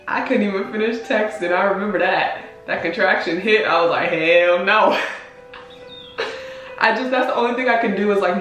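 A woman's voice: mid-range voice, a bit bright, very echoey, recorded from a distance. A woman in her twenties chatting to her viewers, emotional and close to tears, often laughing. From United States. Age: 20s. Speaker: vlogger. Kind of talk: emotional reaction vlog commentary.

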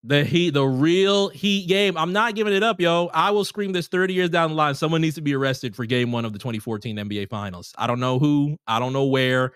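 Rambling, casual man with a higher voice. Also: a little fast, few pauses, fairly bright tone, clean tone, no echo, clean studio sound. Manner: rambling, many restarts and fillers, swears casually. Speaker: podcast co-host. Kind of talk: casual sports chat.

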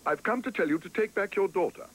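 A man's voice: high voice, sing-song, fairly quick, fairly bright tone, breathy edge, pitched above the performer's own voice, exaggerated voice, low-quality recording. A man voicing a small, polite talking bear who speaks earnestly in a storybook cartoon.

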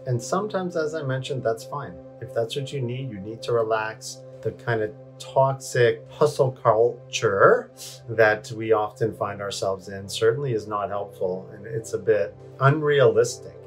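A man speaks to the camera from a cold bath in his bathroom at home. His tone is candid and self-deprecating, with a coaching lilt. Faint music plays softly behind him. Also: fairly low pitch, measured pace. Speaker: wellness vlogger. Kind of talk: casual talk to camera.

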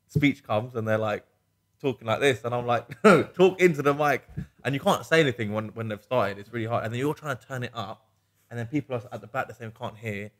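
A man, a wedding DJ co-hosting a podcast, chatting casually and telling animated stories. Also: on the low side. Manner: chatty, animated storyteller with laughs. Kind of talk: casual chat.

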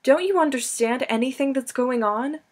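A woman's voice: high voice, normal speed, pitched above the performer's own voice. A woman reading an earnest young farm boy. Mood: blunt. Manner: blunt, short, steady.

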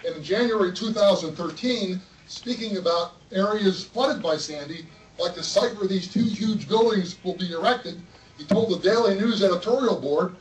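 Man, public commenter, high pitch, pointed read-out testimony, roomy distant room sound. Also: normal speed, slight background noise. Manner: earnest, pointed, read-out statement. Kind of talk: public testimony at a board meeting. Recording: roomy hall, mic far off.

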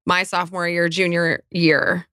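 A woman in her thirties from Colorado, co-hosting a podcast with lively, sarcastic storytelling and frequent laughs. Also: fairly low pitch, measured pace, no echo, clean studio sound. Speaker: podcast co-host. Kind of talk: casual chat.

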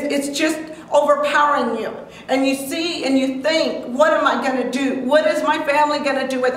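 A woman's voice: high voice, fairly bright tone. A woman preaching to a men's Bible class with fervent, repetitive emphasis. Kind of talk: preaching exhortation. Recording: echoey room from far off.

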